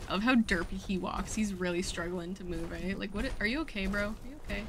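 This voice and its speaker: A woman's voice: mid-range voice, quick pace, background noise. A woman in her late twenties chatting casually on a gaming livestream, laughing often and swearing freely. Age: late 20s. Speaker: streamer. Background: light background music.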